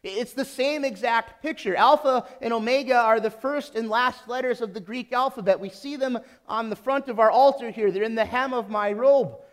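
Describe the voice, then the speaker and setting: A man preaching a sermon as pastor, emphatic and deliberate, building on repeated phrases. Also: extremely high pitch.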